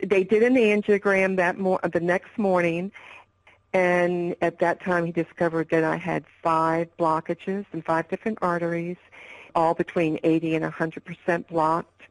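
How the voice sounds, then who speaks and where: Older woman guest, candid and rambling storyteller, fairly low voice, dry sound. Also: level tone, measured pace, no echo, poor audio. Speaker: interview guest. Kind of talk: personal health story in an interview.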